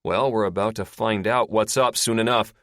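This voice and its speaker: A man's voice: on the low side, fairly even intonation, moderate pace, fairly bright tone, no echo, studio quality. A man voicing a brash, commanding male fighter pilot who barks orders and swears in an audiobook. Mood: steady. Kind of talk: audiobook character voice.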